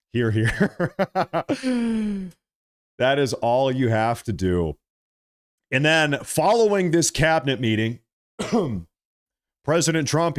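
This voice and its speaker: A man hosting a political commentary vlog, talking in a mocking, animated way and drawing out his emphasis. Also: medium pitch.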